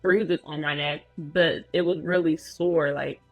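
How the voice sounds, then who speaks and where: A woman's voice: sits low, steady tone, measured pace, no room sound, lo-fi sound, faint music behind. A woman telling her own story as a guest in a loose, casual way, full of filler words.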